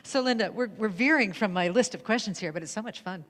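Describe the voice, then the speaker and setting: A woman's voice: medium pitch, quick pace, few pauses, fairly bright tone, a little hiss or hum. A woman hosting a spiritual livestream conversation, laughing often and affirming her guest. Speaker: livestream host. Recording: long hall reverb.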